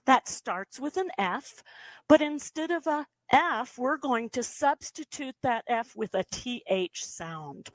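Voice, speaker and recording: A woman's voice: a little high, lively intonation, moderate pace, no room sound. A woman teaching a beginners' ventriloquism workshop, patiently coaching step by step and demonstrating sounds. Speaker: ventriloquism instructor.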